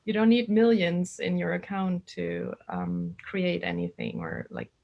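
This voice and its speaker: A woman in a spiritual conversation, agreeable and quick to laugh, often affirming with a soft "yeah". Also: lowish voice, animated, vocal fry, dull audio.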